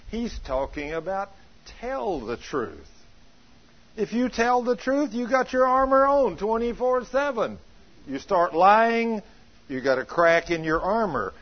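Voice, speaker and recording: An older man preaches in a loose, folksy way. He swings from quiet storytelling to loud emphatic lines. His husky voice sits a bit high and comes through a dull, lo-fi recording. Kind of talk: sermon with personal storytelling. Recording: dull lo-fi sound.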